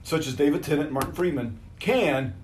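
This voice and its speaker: A man's voice: fairly high pitch, expressive, brisk, slight background noise. A man co-hosting a casual podcast, a little tipsy, laughing and swearing freely, recorded on a phone. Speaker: podcast co-host. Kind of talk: casual chat.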